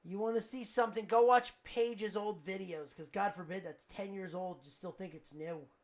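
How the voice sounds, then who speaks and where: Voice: mid-range voice, steady tone, normal speed. A podcast co-host in a casual wrestling chat, laid-back and wisecracking.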